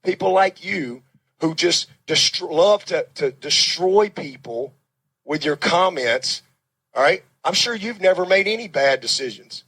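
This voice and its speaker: A man with a high, husky voice answers a press conference question as a football coach. He is defensive and combative and keeps circling back to the same points. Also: fairly bright tone, low-quality recording. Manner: defensive, combative, repeating himself.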